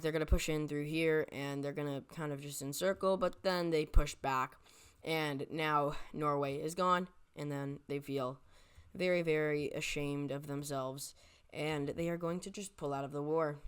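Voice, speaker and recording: A map video creator with a clean, mid-range voice narrates a made-up map scenario casually and ramblingly. The voice often stops to correct itself and throws in jokey asides.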